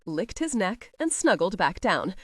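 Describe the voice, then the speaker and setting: Expressive woman narrating a romance audiobook. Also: medium pitch, measured pace, slightly rough, no room sound.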